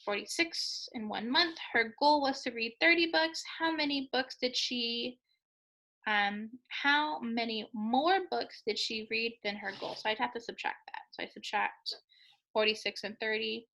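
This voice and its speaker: A woman's voice: a little high, measured pace, bright, forceful tone, poor audio. A woman teacher talking students through a math review, chatty and encouraging, joking with the class as she counts out answers.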